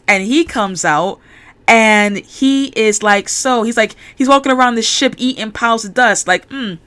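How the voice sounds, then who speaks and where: A woman's voice: fairly high pitch, a little slow, fairly bright tone. A woman chatting casually, retelling a show's plot in a rambling, enthusiastic way with many restarts. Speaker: YouTuber. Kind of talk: casual chat, show recap.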